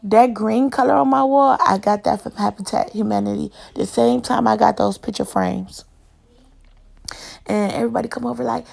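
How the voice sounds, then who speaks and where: Young woman vlogger, chatty and rambling, fairly high voice with heavy vocal fry. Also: normal speed, darkish tone. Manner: chatty, rambling, keeps addressing viewers as y'all. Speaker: home decor vlogger. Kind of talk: casual home tour chat.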